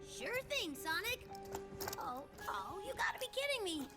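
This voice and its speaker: A woman's voice: extremely high pitch, big pitch swings, measured pace, over loud music, full character voice. A woman voicing Tails, an eager young boy fox inventor in a cartoon, upbeat.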